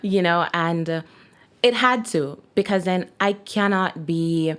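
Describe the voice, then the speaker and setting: A woman in her thirties with a Jamaican accent, a clothing designer, chats as a guest in a casual interview and laughs often. Her voice sits on the low side, a bit bright and smooth, at a slow pace.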